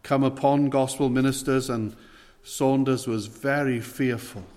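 A man preaching a sermon, earnest, stressing words slowly and asking rhetorical questions. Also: medium pitch, steady tone, a little mellow. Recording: long hall reverb.

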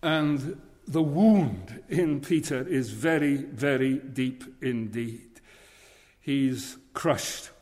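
A man's voice: mid-range voice, extremely slow, darkish tone. A man preaching a sermon in a church, earnest and leaning on repeated phrases. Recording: long reverb of a large hall.

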